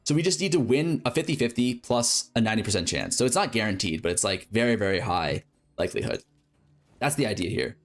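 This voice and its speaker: A man's voice: fairly low pitch, sing-song, fast. A man streaming a game, casually thinking aloud through a crafting plan and correcting himself as he goes. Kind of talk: explaining a game crafting strategy.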